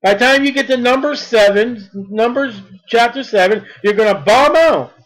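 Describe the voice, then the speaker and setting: A man with a very high voice delivers a sermon. He reads verses slowly and deliberately, then presses his points with emphasis. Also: fairly bright tone, poor audio. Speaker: preacher.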